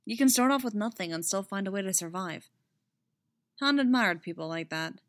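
A woman reading a story aloud and voicing an older rebel leader and mother who speaks softly and reflectively. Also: medium pitch, animated, moderate pace, dry recording, clean studio sound, close to an everyday voice. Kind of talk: audiobook reading.

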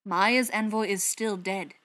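A woman's voice: mid-range voice, fairly even intonation, unhurried, natural voice. A woman reading an audiobook, voicing an angry male vampire butcher who presses hard and raises his voice. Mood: pressing. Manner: forceful, accusing, raised voice.

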